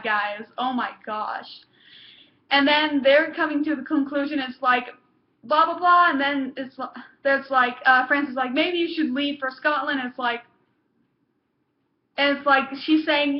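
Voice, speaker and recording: Excitable high-voiced young woman reviewer. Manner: gushing, excitable, lots of fillers. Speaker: TV episode reviewer. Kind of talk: casual vlog review. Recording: echoey room, dull lo-fi sound.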